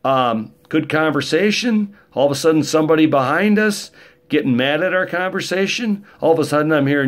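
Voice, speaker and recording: A man's voice: fairly high pitch, expressive, normal speed. A middle-aged man, telling stories in a rambling, joking monologue. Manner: rambling, joking, rough-edged storytelling. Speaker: vlogger. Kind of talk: casual monologue.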